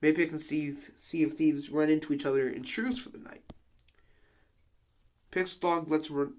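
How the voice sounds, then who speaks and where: A man's voice: a little high, steady tone, normal speed, a little mellow, a little hiss or hum. A young man giving casual commentary on a game simulation, slangy and full of swearing and joking asides.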